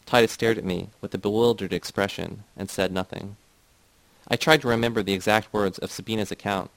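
A man reading a novel aloud as scripted narration, in a steady, measured way. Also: lowish voice, dry recording, rough recording. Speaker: audiobook reader.

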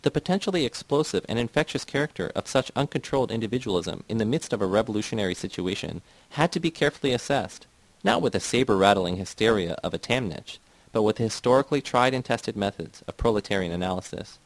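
A man's voice: on the low side, expressive, fast, no room sound, low-quality recording. Man voicing a cold party ideologue, lecturing, condescending, dry close read. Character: cold doctrinaire older male party ideologue.

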